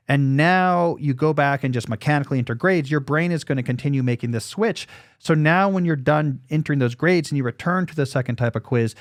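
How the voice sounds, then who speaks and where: A man's voice: medium pitch, no echo, clean studio sound. A man in his forties hosting a podcast, explaining his advice in a casual, thinking-aloud way. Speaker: podcast host.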